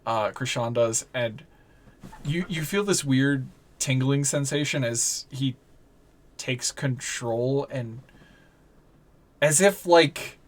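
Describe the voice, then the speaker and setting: A game master narrates a tabletop game slowly and loosely, full of fillers and restarts. The voice sits in a middle pitch. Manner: relaxed, rambling narration with fillers.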